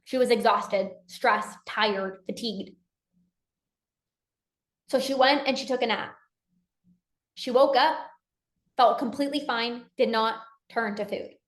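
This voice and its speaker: A woman speaks with a bright, high voice in a casual motivational talk. She talks earnestly as a coach and slips into quoted inner dialogue. The room around her rings with noticeable echo. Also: slow, pauses often. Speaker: binge eating coach.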